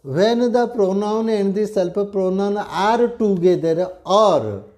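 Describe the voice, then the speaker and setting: A man's voice: sits high, animated, takes it slowly, darkish tone. An older man with an Odia accent, a retired headmaster giving a classroom grammar lecture, repeating key phrases and checking that students understand. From India.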